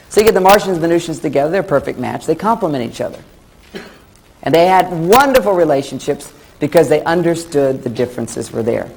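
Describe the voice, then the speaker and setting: A middle-aged man lectures on relationships like a stand-up comic, his fairly high voice bouncing through jokes and little acted-out exchanges. The sound comes off an old VHS tape with faint hiss underneath. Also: brisk, rough recording. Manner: jokey, animated storytelling with acted-out dialogue. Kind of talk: comic lecture to a live audience. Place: lecture hall with audience.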